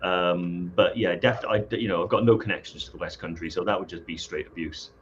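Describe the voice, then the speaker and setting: A man's voice: deep voice, fairly even intonation, fairly quick, lo-fi sound, a little hiss or hum. A half-Scottish man co-hosting a casual live stream, joking and greeting viewers by name. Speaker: co-host of a trekking company live stream.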